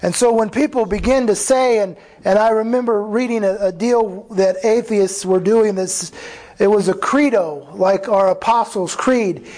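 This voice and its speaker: A man's voice: high voice, a little slow, darkish tone, rough recording. A man, a pastor, preaching a sermon in an earnest, conversational way, often restarting phrases and acting out quoted dialogue.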